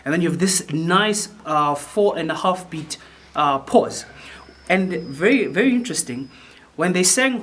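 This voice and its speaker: A man's voice: fairly high pitch, lively intonation, measured pace, a bit bright. A man conducting a choir rehearsal, explaining phrasing and sometimes singing lines to demonstrate, with many restarts and fillers. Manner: repeats words while thinking, many fillers. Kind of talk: choral rehearsal instruction. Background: piano.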